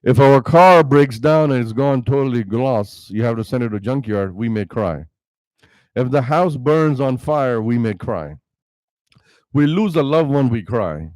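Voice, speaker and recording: A man's voice: medium pitch, lively intonation, measured pace, a little mellow, dry recording. A man, an imam, preaching an impassioned sermon into a microphone, full of rhetorical questions. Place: Islamic center prayer hall. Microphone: speaking into a microphone.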